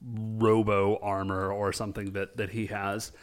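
A man co-hosting a casual chat, retelling a show with lively voiced quotes. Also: lowish voice. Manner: animated storytelling with quick voiced quotes. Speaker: podcast co-host recapping a show.

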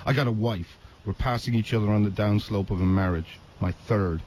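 A man's voice: on the low side, normal speed, darkish tone, slight background noise, close to an everyday voice. An actor playing a tired police detective who talks about his wrecked home life in a rueful way. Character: weary male police detective with a messy life.

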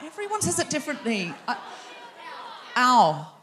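A woman hosting a live comedy show on a theatre stage, teasing the audience with quick asides. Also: high voice, animated, fairly bright tone, some chatter behind, slight background noise. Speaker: comedy podcast host. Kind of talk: live stand-up crowd work.

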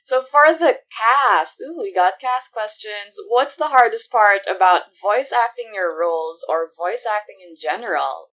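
A woman's voice: medium pitch, animated, a little slow, few pauses, a bit bright. A woman co-host reading fan questions in a light, upbeat way on a video call. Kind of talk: casual cast Q&A on a video call. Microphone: video call mic.

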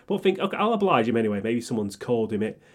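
Brief: young man, podcast co-host, slightly husky, lively sweary anecdotes. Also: mid-range voice, rapid-fire. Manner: animated, swears freely, acts out quotes. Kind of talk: casual storytelling chat.

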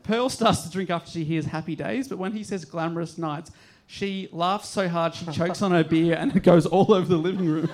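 Brief: high-pitched Australian male co-host, lively comic storyteller. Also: a little fast, hardly any pauses. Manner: animated storytelling, laughing through lines. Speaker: podcast co-host. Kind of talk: comedic story recap.

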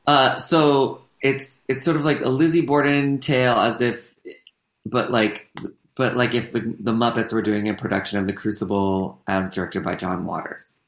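A man's voice: medium pitch, flat delivery, normal speed. A man chatting casually as a podcast co-host, rambling with many fillers and restarts. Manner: rambling, full of fillers and self-corrections. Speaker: podcast co-host and stage performer. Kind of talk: casual chat. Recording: echoey room.

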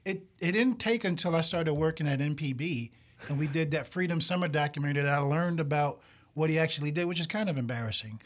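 Man, Brooklyn accent, middle-aged, slightly high pitch, enthusiastic, storytelling guest. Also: quick pace. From Brooklyn, New York. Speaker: guest, television director. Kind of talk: casual studio chat.

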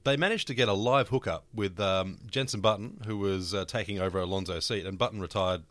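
Aussie guy co-hosting, kinda low voice, rambles with lots of ums, swears a lot. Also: brisk, a bit bright, no echo. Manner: crude, jokey, rambling with many ums. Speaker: podcast co-host. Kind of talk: casual sports chat.

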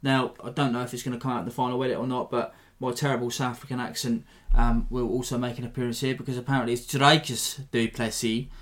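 A man's voice: mid-range voice, little pitch movement, fast talker, few pauses, a bit bright. A man hosting his own combat sports podcast in a casual, jokey, self-deprecating monologue. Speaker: podcast host.

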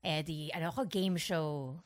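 A woman chatting on a podcast, animated and laughing, switching languages mid-sentence. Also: sits low, normal speed. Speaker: podcast co-host. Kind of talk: casual chat.

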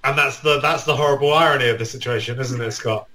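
A man on a football podcast panel with a bright, forward voice. He makes dry, teasing remarks in a casual chat. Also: mid-range voice, steady tone, quick pace.

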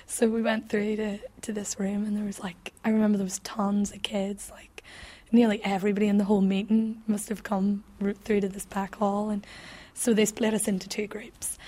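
During an interview, a woman in her twenties shares a personal testimony, reflective and hesitant, often starting her sentences over. Her voice is mid-range and warm.

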